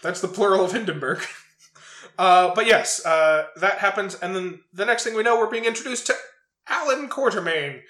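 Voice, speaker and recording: A man's voice: high-pitched, moderate pace, echoey room. A man co-hosting a casual movie review chat, swearing and laughing as he retells scenes. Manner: swearing, laughing, animated storytelling. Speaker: podcast co-host.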